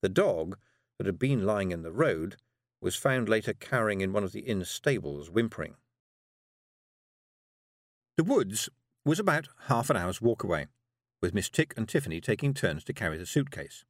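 A man reading a fantasy novel aloud as an audiobook narrator, measured and drily humorous. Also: fairly low pitch, sing-song, no echo, clean studio sound.

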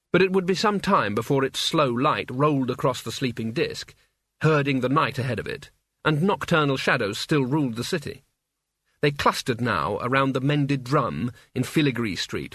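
Wry storybook narrator, man, husky tenor, dry and close. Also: mid-range voice, fairly bright tone, no echo. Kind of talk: audiobook narration.

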